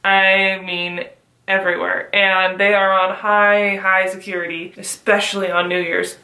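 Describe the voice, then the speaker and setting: Bright-voiced young woman telling a story. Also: mid-range voice, measured pace, reverberant, rough recording. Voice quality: frequent swearing. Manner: animated, laughing storyteller. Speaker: vlogger. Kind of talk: casual storytime.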